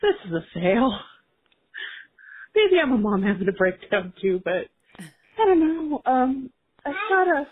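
A worn-out mother leaving a message for a podcast, sighing between thoughts. Her voice is husky and a bit high. It comes through a tinny phone line. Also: sing-song, unhurried, long pauses. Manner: weary, sighing. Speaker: caller, mother of a toddler.

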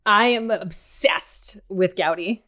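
A woman's voice: medium pitch, slow, pushed and bright. A woman actor from Maine, chatting animatedly as a guest on a casual podcast interview. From Maine, USA.

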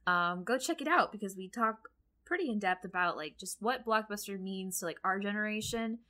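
A woman's voice: mid-range voice, normal speed. A young woman co-hosting a podcast, chatting casually and eagerly with lots of "like" and "um". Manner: animated, gushing comic-book fan with many fillers. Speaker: podcast co-host. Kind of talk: casual chat.

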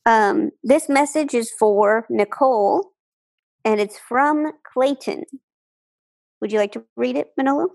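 A woman co-hosting a comedy podcast over a call, chatty and quick to keep the conversation moving. Her voice sits a little high. She also reads sponsor copy in the same casual tone. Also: creaky, a little mellow. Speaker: podcast co-host. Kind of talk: casual comedic chat and ad reading. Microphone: remote call microphone.

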